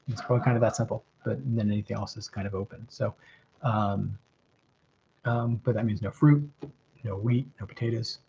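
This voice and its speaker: On a laid-back livestream, a middle-aged Southern man, accent mild and metropolitan, reads out viewer questions and offers advice, musing with plenty of ums and rights. His creaky voice sits on the low side at normal speed; the stream audio is lo-fi, slightly dull, with a little background noise.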